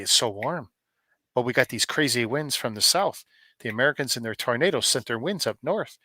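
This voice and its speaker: Middle-aged man from Canada, joking streamer, bright forward tone, dry close sound. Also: medium pitch, dry recording. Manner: rambling, joking, chats to viewers by name. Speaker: live streamer opening advent calendars. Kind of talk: casual live-stream chat.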